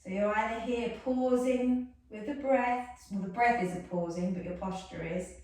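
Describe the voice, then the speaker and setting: A woman's voice: on the high side, fairly even intonation, moderate pace, darkish tone. A woman guiding a yoga class, soothing and chatty, with self-mocking asides. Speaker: yoga instructor. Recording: echoey room, mic far off.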